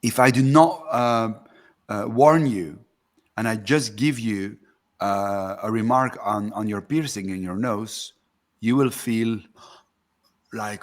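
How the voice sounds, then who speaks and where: Low-voiced man explaining earnestly. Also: measured pace. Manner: earnest, explanatory, acts out quoted reactions. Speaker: communication coach and football referee. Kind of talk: conversational interview.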